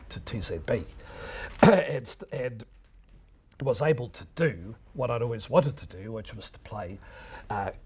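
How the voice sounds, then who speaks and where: With a husky, mid-range voice, an older New Zealand man who spent his career in radio gives a reminiscing lecture to students. He shares anecdotes and does impressions of old-time announcers.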